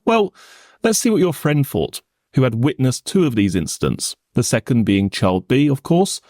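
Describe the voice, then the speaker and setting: A man cross-examining a witness in a formal, probing manner, pressing with pointed questions. His pitch rises and falls a lot as he presses, and the sound is close and dry with no room around it. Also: very animated, moderate pace, a little mellow, no room sound. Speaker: prosecuting barrister in reenactment. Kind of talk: courtroom cross-examination reenactment.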